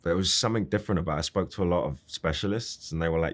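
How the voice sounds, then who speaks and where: A man in his thirties, an actor guest with a deep voice, talking thoughtfully in an interview and sometimes trailing off. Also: very fast, few pauses. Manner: thoughtful, relaxed, trails off mid-sentence. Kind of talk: casual interview chat.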